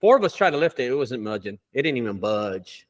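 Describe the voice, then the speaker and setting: A man who owns a junk removal business, telling animated, profane stories in a casual group chat. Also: medium pitch, a little fast.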